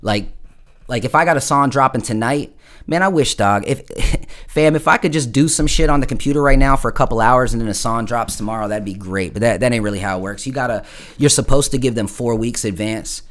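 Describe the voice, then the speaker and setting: A man's voice: medium pitch, brisk, a bit bright. Profane, rambling man on a livestream. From Florida. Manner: rambling, profane storytelling, full of "bro". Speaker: musician streaming live. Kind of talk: casual livestream chat.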